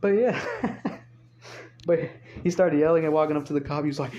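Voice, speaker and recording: A man's voice: a little high, a little fast, long pauses, warm tone. A young man telling a rambling, profane story in casual speech, recorded on a phone. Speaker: storyteller vlogger. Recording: dull lo-fi phone audio.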